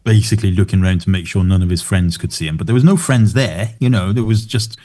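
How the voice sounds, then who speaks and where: A man with a low voice, chatting in an easygoing way and slipping in wry jokes as a podcast co-host. His delivery is relaxed and conversational. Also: fast. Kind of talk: casual chat.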